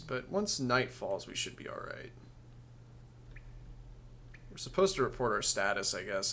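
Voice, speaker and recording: A man's voice: mid-range voice, creaky, fairly bright tone, a little hiss or hum. A man giving casual let's play commentary, sarcastic and grumbling, cursing and laughing at the game.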